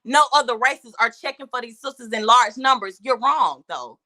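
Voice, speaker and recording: A woman's voice: a little high, expressive, normal speed, sharp tone. A woman guest in a heated debate, emphatic and talking over the host.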